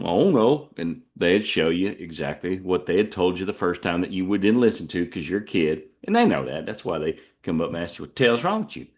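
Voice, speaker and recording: Folksy Texan man, lowish voice. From Texas. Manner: folksy, digressive, drawling asides. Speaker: podcast host. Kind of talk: rambling storytelling monologue.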